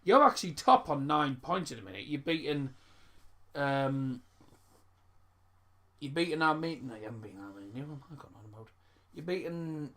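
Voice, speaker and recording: A man's voice: a little high, animated, moderate pace, long pauses, fairly bright tone. A young man, hosting a casual live football stream and rambling through stories and viewer messages with lots of restarts. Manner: rambling, stumbles and repeats words.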